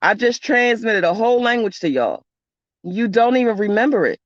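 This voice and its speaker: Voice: mid-range voice, animated, normal speed, no echo. A spiritual vlogger talking bluntly and casually, swearing and rambling through stories. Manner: blunt, profane, rambling storyteller. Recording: dull lo-fi dry recording.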